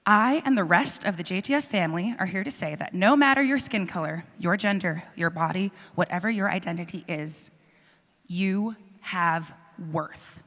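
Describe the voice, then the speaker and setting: A woman's voice: on the low side, expressive, normal speed, a bit bright. A woman hosting a panel on stage, enthusiastic and rallying, addressing a young audience in a large auditorium. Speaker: host. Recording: reverberant hall.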